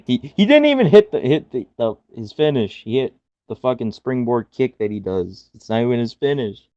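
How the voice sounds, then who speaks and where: A man's voice: medium pitch, sing-song, moderate pace, mellow, dry recording. A man co-hosting a podcast, talking casually with lots of swearing and laughter. His mic sounds dull and muffled but dry, with no room sound. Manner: profane, laughing, loose wrestling banter. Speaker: podcast co-host. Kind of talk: casual chat.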